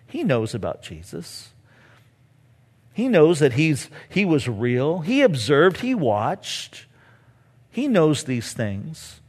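A man's voice: on the high side, wildly swooping pitch, slow, a little mellow, in a large hall. A man preaching a sermon, who keeps acting out the voices of the people he quotes. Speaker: pastor.

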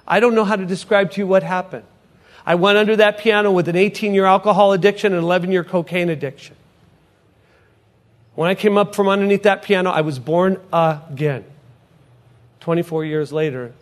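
A middle-aged man who is a potter and evangelist, giving an emphatic sermon testimony that repeats key phrases and swings between soft and loud. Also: high voice.

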